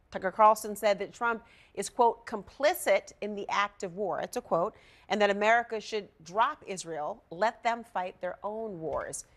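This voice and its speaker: A female news anchor asks crisp, direct questions at a middle pitch. Her delivery is composed and keeps the panel moving. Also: fairly bright tone. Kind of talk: live news hosting.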